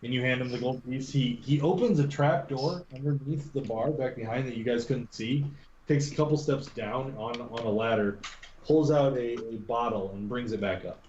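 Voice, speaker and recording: A man runs a tabletop game as its game master, narrating in a halting way and often restarting his sentences. The recording is muffled and echoes around the room. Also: medium pitch, a little mellow, slight background noise.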